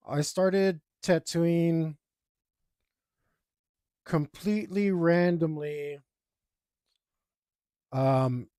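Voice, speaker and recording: A man's voice: on the high side, dark tone, clear, resonant tone, no room sound, clean studio sound. A young man, an artist, telling a story in a laid-back, rambling way with lots of ums while he draws. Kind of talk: casual storytelling while drawing.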